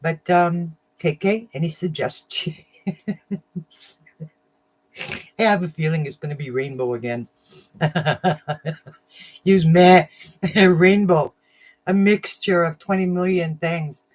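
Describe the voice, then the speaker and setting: A woman hosting a casual crafting livestream, chatting warmly with viewers, getting emotional and laughing often. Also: on the low side, slow pace, long pauses. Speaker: livestream host of a crafting channel.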